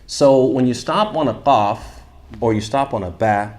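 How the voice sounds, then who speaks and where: A man teaches recitation to a room of students, constantly asking "what?" and then answering himself. He recites short Arabic phrases slowly and loudly so they can echo them back. His voice sits at a middling pitch. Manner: asks the class questions then answers them. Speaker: shaykh teaching tajweed. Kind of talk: interactive classroom lesson.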